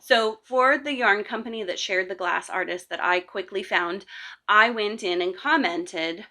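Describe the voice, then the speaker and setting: Slow, bright-voiced woman crochet teacher. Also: mid-range voice. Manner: earnest, advice-giving, with frequent fillers and restarts. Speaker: crochet teacher and podcast host. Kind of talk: casual podcast monologue.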